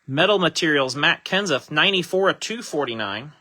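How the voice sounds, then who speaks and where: Brief: male card-break host, very bright tone, relaxed chatty delivery, reads out card names. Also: a little high, a little fast. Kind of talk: casual live card-break commentary.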